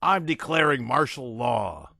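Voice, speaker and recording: A man's voice: medium pitch, big pitch swings, a little slow, vocal fry, bright, forceful tone, no room sound, clean studio sound, exaggerated voice. A man voicing a blustering, raving army general who bellows and rants. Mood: commanding. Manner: bellowing, ranting, unhinged.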